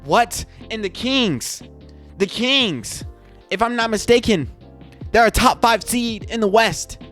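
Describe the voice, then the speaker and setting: A man's voice: high-pitched, animated, slow, fairly bright tone, faint music behind. A man hosting a sports podcast, ranting casually and emphatically with indignant rhetorical questions. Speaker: podcast host.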